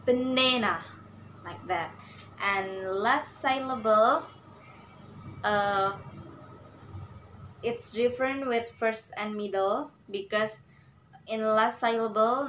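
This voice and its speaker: Very slow, halting woman presenting. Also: medium pitch, a bit bright, a little hiss or hum, low-quality recording. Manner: halting, many pauses and fillers. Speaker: student presenter. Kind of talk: class presentation on English stress.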